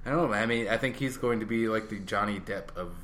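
A man's voice: lowish voice, fast, fairly bright tone, slight background noise. A man co-hosting a film podcast in casual chat, leaning on "you know" and "like" and trailing off. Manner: filler-heavy, trailing off. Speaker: podcast co-host.

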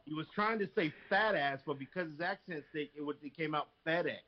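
A man's voice: fairly high pitch, fairly quick, muffled recording. A young man from a Mexican family telling funny family stories on a podcast, swearing and laughing. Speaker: podcast co-host. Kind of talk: casual chat, storytelling.

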